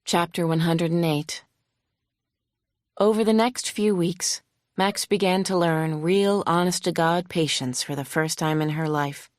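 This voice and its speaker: A woman reading a novel aloud in the first person, emotive, slowing and hushing for tense moments. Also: lowish voice, fairly even intonation, no echo, clean studio sound. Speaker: audiobook narrator.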